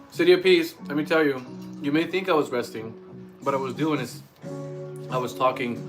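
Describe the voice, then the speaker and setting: A man's voice: medium pitch, rough recording. A man whose first language is Spanish, co-hosting a casual live stream from a home kitchen and reading viewer comments aloud between bites. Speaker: livestream co-host. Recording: guitar music playing behind. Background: guitar music.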